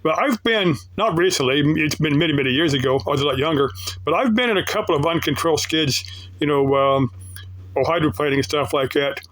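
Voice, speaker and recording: A man's voice: fairly high pitch, fairly quick, fairly bright tone, poor audio. A man talking casually to his viewers in a rambling, folksy way, often restarting his sentences. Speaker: YouTuber answering viewers. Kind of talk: casual off-the-cuff talk.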